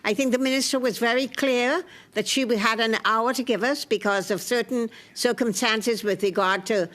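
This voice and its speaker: A woman's voice: a little high, steady tone, moderate pace, a bit bright. A woman chairing a parliamentary committee, keeping time and handling procedure firmly. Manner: procedural, firm.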